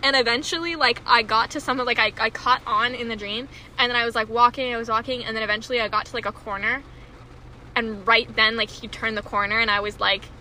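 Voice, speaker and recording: A woman's voice: on the high side, fast, a little hiss or hum. A young woman chatting casually as a co-host, reacting with gasps and telling stories packed with fillers. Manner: animated reactions, filler-heavy storytelling. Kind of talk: casual chat. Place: Houston, with rain outside.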